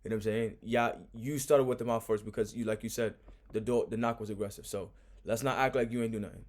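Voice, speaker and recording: A man's voice: on the low side, fairly even intonation, fast, a little mellow. A man hosting and reacting to a clip in casual, frank commentary with a laid-back manner. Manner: laid-back, frank, repeats "you know what I'm saying".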